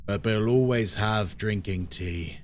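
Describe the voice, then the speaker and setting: A British man with a lowish voice chats casually and slowly on a live stream. He responds to his chat with wry, sarcastic humor in a British English accent.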